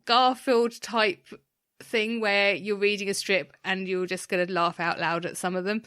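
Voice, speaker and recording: A woman co-hosting a podcast in casual chat, enthusiastic and quick to giggle. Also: medium pitch, fairly even intonation, fairly bright tone, smooth, no room sound, studio quality. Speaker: podcast co-host.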